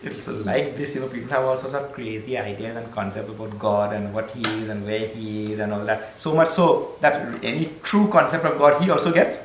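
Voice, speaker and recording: A man gives a conversational spiritual discourse, using Sanskrit terms and gentle humor. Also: mid-range voice, steady tone, normal speed, hardly any pauses, roomy sound, slight background noise, rough recording. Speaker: spiritual teacher.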